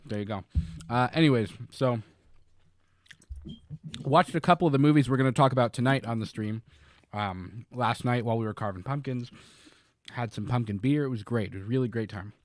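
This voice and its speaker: Casual podcast co-host, a man of middle pitch, rambles with fillers and restarts, dry close mic. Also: brisk, long pauses, no room sound. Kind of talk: casual chat.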